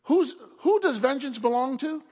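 Speaking at a normal speed in a very high, expressive voice, a male pastor delivers a fervent sermon and keeps calling for amens. It was recorded in an echoey church sanctuary, and the sound is muffled and lo-fi.

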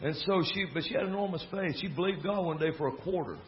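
A man's voice: sits high, fast. Folksy Southern man preaching a story. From American South. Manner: folksy, animated storyteller with laughing asides. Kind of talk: storytelling sermon. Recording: dull lo-fi recording with faint crowd and noise. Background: faint audience laughter.

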